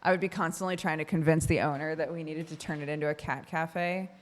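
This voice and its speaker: A woman from Oregon talking casually on a stream, her voice a little on the low side. She rambles in a loose, chatty way, full of fillers and easy laughter. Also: steady tone, fast. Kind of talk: casual chat with chat.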